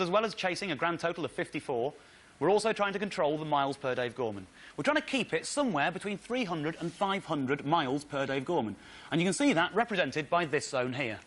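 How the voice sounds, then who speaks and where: A comedian on stage, telling an excitable, indignant comic story with slides. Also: male voice, fairly high pitch. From Britain. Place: theatre stage.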